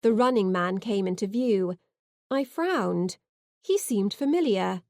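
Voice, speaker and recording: A woman narrating a science fiction novel in the first person, expressive and heartfelt. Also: mid-range voice, slow pace, no room sound, studio quality. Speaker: audiobook narrator.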